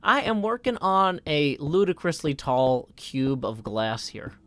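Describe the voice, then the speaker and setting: With a very animated, slightly bright voice on the high side, this man in his thirties talks casually while live-streaming a game. His chat wanders, and he readily flares into mock indignation.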